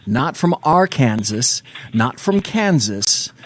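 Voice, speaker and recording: A man's voice: medium pitch, sing-song, takes it slowly, no echo. A man hosting a late-night call-in talk show, joking and bantering with salty asides.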